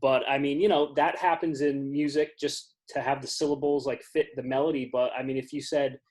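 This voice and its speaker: A man's voice: mid-range voice, little pitch movement, fairly quick, a little mellow. A man hosting a casual podcast chat, asking the guests questions and steering the talk. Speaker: podcast host.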